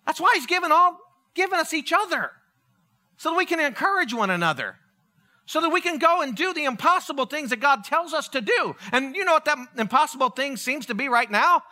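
Male pastor, high lively voice, comic animated sermon delivery. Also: a little fast. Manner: animated, joking storytelling. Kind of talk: humorous sermon.

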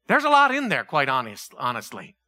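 A man preaching a sermon, passionate, swinging between loud exclamations and quiet, earnest reflection. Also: mid-range voice, wildly swooping pitch, brisk.

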